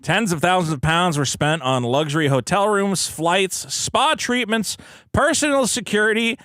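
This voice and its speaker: A man's voice: high voice, moderate pace, a bit bright, dry recording, studio quality. A man co-hosting a comedy podcast, reading news items aloud and riffing on them with frequent laughter. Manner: reads stories then riffs, laughs often. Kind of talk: irreverent comedy podcast banter.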